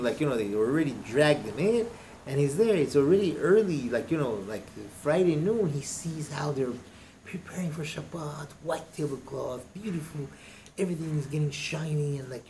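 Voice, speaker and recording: A man, a rabbi, telling a story in a class in a lively way with lots of casual fillers. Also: a little high, slight background noise. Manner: lively, with many fillers like "you know". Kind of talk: storytelling in a lesson.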